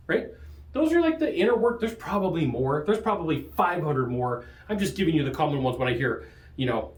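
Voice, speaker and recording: A man hosting a sales training show, coaching in an energetic, joking way and laughing often. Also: normal speed. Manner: lively, jokey, laughs often, big pitch jumps. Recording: roomy echo.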